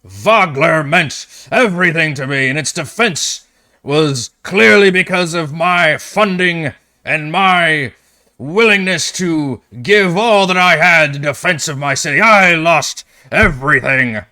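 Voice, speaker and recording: A man voicing an indignant, pompous male noble who protests loudly and pities himself. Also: on the high side, slow pace, dry recording, studio quality, voice pushed up, heavily acted. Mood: outraged. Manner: loud, outraged, self-pitying.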